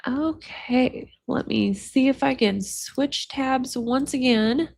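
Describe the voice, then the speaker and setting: A woman's voice: sits high, slow, creaky, darkish tone. A woman hosting a live stream, chatting casually and speaking straight to her viewers. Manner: chatty, addresses viewers directly.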